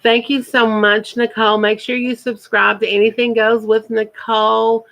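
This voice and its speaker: A woman's voice: on the high side, little pitch movement, moderate pace, vocal fry, fairly bright tone, low-quality recording. A woman, chatting casually on her first live stream and repeating words for emphasis.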